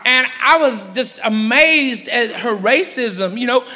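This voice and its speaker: A man's voice: very high voice, animated, a little slow, pushed and bright, big-room sound. A man doing stand-up, telling a story in a conversational way. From Southern United States. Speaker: stand-up comedian. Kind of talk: stand-up comedy set.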